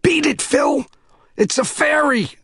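A man voicing a bold young boy in a whispered role-play, hushed and urgent. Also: very high-pitched, slow pace, no room sound, clean studio sound, voice pushed up, exaggerated voice. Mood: shouting. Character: young boy, bold street-smart friend.

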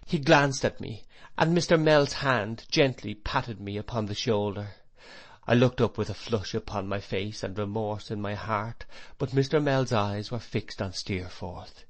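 A man narrating a classic novel in a measured, expressive reading. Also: fairly low pitch. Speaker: audiobook narrator. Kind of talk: scripted narration.

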